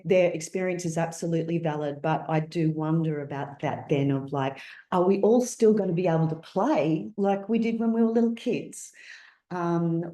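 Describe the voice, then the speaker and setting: A middle-aged woman, an actor on a webinar panel, speaking thoughtfully and haltingly over a video call. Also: fairly low pitch, dark tone. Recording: echoey room on video call.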